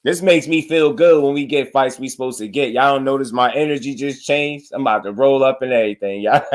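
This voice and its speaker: A young man hosting a casual boxing livestream, animated and slangy, talking straight to his chat. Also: medium pitch, a little fast.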